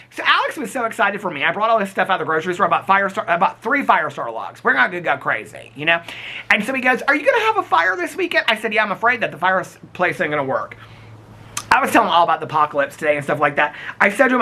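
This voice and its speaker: A man's voice: high-pitched, sharp tone. A man vlogging in a casual, chatty way, reading viewer comments aloud and teasing commenters by name, calling them honey and sweetheart. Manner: gossipy, calls people honey and sweetheart.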